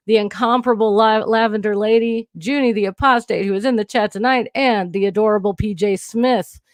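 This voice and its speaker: A woman's voice: medium pitch, fairly even intonation, fairly quick, dry recording, clean studio sound. A woman hosting a casual livestream, talking candidly and rambling, nervous and emotional. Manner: rambling, candid, frequent restarts and swearing. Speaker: livestream host. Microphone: new studio mic.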